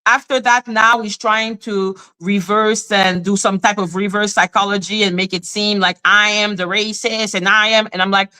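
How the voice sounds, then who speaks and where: A woman hosts a live stream and vents in an indignant, profane rant, hammering the same points again and again. Her voice is bright and forceful, with a hard edge on the stressed words. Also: mid-range voice, level tone, normal speed, few pauses, clean tone. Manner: indignant, profane ranting with repeated phrases. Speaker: livestream host. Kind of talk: heated live commentary. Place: in Canada.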